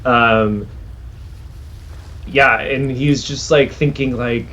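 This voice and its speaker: A man's voice: medium pitch, steady tone, extremely slow, long pauses, a bit bright, slight background noise. Rambling man playing a tabletop game. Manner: rambling, heavy use of "like". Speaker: player. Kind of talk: describing his character's actions in a tabletop game.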